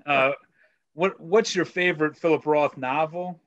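Host: man, hesitant questioner on a video call, slightly high voice, very dry sound. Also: measured pace, fairly bright tone, no echo, lo-fi sound. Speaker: library interviewer host.

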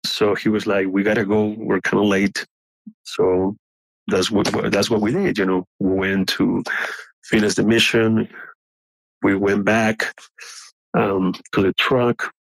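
A man whose first language is not English, earnestly telling his story with halting restarts and frequent throat clearing. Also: fairly low pitch, level tone, no room sound, rough recording. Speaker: guest telling an encounter story.

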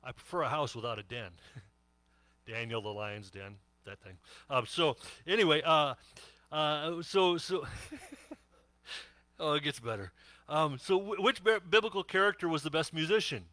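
A man's voice: fairly high pitch, bright, forceful tone, dry recording. A middle-aged man preaching a sermon, telling jokes and laughing often in a chatty way. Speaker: pastor.

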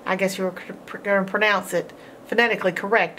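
A woman teaching a homeschool phonics lesson, sounding out each word slowly and repeating every sound, with encouraging praise. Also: medium pitch, fairly even intonation, a bit bright, slight background noise. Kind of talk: slow, drawn-out phonics lesson.

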